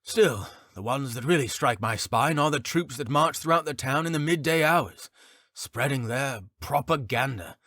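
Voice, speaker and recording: A man's voice: mid-range voice, moderate pace, fairly bright tone, no echo, clean studio sound, pitched above the performer's own voice. A man voicing a chatty, chuckling male innkeeper in an audiobook. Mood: gossipy. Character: chuckling middle-aged male innkeeper, gossipy. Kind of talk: audiobook character reading.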